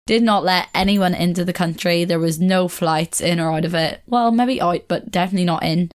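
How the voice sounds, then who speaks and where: Chatty young woman, lowish voice. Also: a little fast, clean tone. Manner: rambling, chatty, corrects herself, laughs often. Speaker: podcast host. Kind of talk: casual solo podcast chat.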